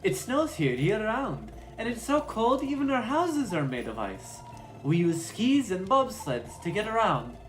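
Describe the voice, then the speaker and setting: A man voicing a helpful, chatty village woman in a brisk, cheery read. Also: high voice, big pitch swings, slight background noise, pitched above the performer's own voice.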